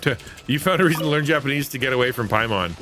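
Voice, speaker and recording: A man's voice: mid-range voice, expressive, racing, bright, forceful tone, slight background noise. A man streaming a video game, chatting playfully with his viewers and teasing himself as he plays. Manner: playful, self-mocking, chatty with chat. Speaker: gaming streamer and host. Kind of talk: casual live gameplay commentary. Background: game music.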